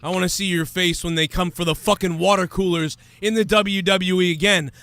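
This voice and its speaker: A hoarse man hosting a show and screaming a furious, insult-filled tirade. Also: high voice, fairly even intonation, a little fast, hardly any pauses, fairly bright tone. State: hoarse, strained throat. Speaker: show host. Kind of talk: profane shouting rant.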